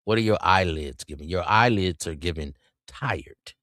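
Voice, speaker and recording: A man's voice: sits low, moderate pace, a bit bright, dry recording, clean studio sound. A man hosting a podcast, teasing and roasting his co-host with bursts of mock outrage. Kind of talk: comedic casual chat.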